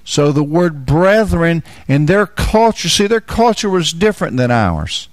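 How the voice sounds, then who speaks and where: A man's voice: on the high side, sing-song, a little slow, no room sound. A man preaching a Bible teaching sermon, repeating key phrases and asking the listeners questions.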